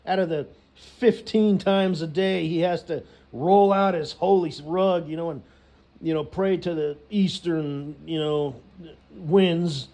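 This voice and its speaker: Rambling profane man with a fairly high voice. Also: steady tone, slow pace, dark tone. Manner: profane, rambling, laughs a lot, says "you know" constantly. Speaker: storyteller. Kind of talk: rambling casual rant.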